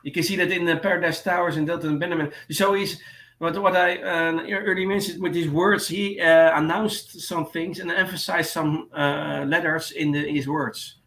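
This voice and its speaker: A man's voice: a little high, fairly even intonation, normal speed, a bit bright. Hesitant man in an echoey room. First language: Dutch. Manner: hesitant, many fillers, reads notes. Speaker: host. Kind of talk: casual livestream chat. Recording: echoey room with faint noise.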